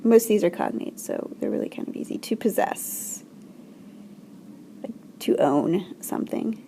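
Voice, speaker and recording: Gravelly-voiced woman teacher explaining slowly. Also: medium pitch, animated, mellow, a little hiss or hum. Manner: explaining slowly and clearly, with fillers. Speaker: French teacher. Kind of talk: recorded classroom lesson.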